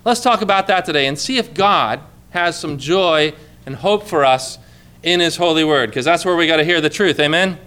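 A man's voice: a little high, normal speed, sharp tone, clear, resonant tone. A man preaching a sermon as a pastor, earnest and conversational, asking the congregation questions.

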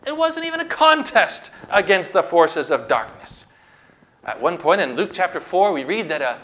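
A man's voice: a little high, bright, forceful tone. A man preaching a sermon, reading scripture aloud and delivering it emphatically.

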